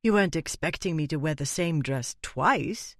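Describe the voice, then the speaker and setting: A man voicing a bold young Regency woman who works as a dressmaker and answers back briskly. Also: a little high, lively intonation, no echo, clean studio sound. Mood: spirited. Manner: brisk and spirited retorts.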